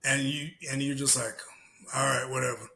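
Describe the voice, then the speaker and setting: A man co-hosting a casual podcast, telling animated stories, acting out the people he quotes and swearing freely. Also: medium pitch, moderate pace, vocal fry. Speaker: podcast co-host. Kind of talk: casual chat.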